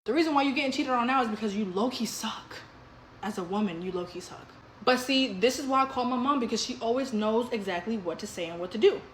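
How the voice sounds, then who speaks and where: A woman's voice: on the high side, fast, a bit bright, slight background noise. Blunt, foul-mouthed woman in an echoey room. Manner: blunt, profane, punchy. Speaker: storyteller. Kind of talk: casual storytime vlog.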